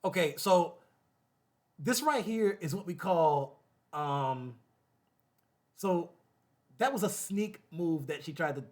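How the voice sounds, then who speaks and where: Male host, higher pitch, animated repetitive commentary. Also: takes it slowly, long pauses. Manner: animated, repetitive, laughing asides. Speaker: show host. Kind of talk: casual commentary to camera.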